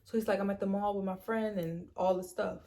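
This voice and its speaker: A young woman telling a storytime vlog in a chatty, animated way, acting out quoted lines and leaning on "like" and "literally". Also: mid-range voice, brisk. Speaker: storytime vlogger. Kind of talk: casual storytime.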